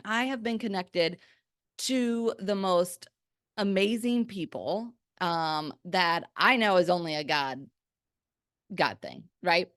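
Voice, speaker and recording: A woman hosting a faith-based podcast, talking in a chatty, energetic way full of "like" fillers. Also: lowish voice, takes it slowly, no room sound, studio quality. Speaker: podcast host. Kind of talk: faith-based pep talk.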